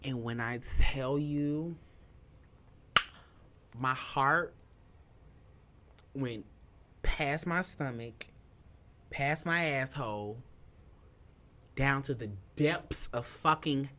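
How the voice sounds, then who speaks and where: A young adult podcast host with a bright voice, telling a personal story candidly. The talk is emphatic and profane and full of fillers. The host sounds emotional and is holding back tears. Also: medium pitch, drawn-out words, long pauses.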